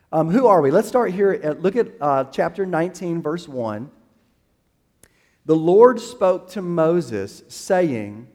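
A man's voice: a little high, a little mellow, in a large hall. A male pastor preaching a sermon, emphatic and building to a strong crescendo, with a few restarts and fillers as he finds the verses.

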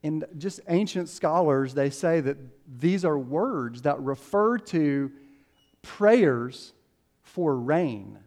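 A pastor giving a conversational sermon, telling stories and acting out quotes with lively ups and downs. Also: male voice, fairly high pitch, slow. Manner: conversational, animated storytelling with acted quotes.

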